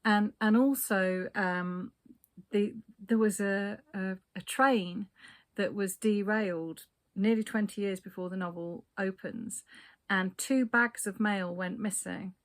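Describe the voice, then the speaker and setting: A woman's voice: medium pitch, steady tone, takes it slowly. A woman in a casual book vlog, chatting about novels with lots of ums and restarts. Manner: chatty, with many fillers and restarts. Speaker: book vlogger. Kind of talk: casual book chat to camera.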